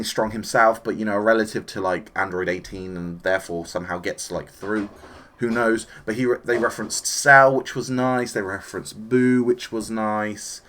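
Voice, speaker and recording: A man talks through an anime episode in a relaxed, chatty review. He sounds enthusiastic and animated, and he slips into the characters' lines as he retells the plot. His pitch sits in an ordinary middle range. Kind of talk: casual spoken review.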